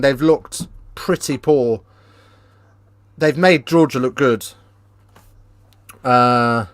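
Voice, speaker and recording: A man with a fairly high voice hosts a live rugby watchalong, bantering with the chat and jumping into excited play-by-play. The sound is dry, with no room around him. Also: unhurried, pauses often, no echo. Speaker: watchalong host.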